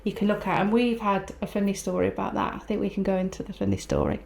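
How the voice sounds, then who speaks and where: A woman co-hosting a casual chat podcast, her voice gravelly with fry. She speaks in a reflective, measured way, offering advice. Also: mid-range voice, big pitch swings, a little mellow. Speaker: podcast co-host.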